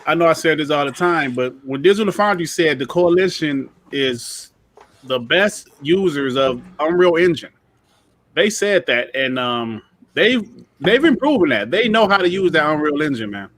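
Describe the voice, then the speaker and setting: A man's voice: on the high side, moderate pace, no room sound. Man on a dry podcast mic, slangy. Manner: relaxed, slangy, reads viewer donations aloud. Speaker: podcast co-host. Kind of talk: casual gaming podcast chat.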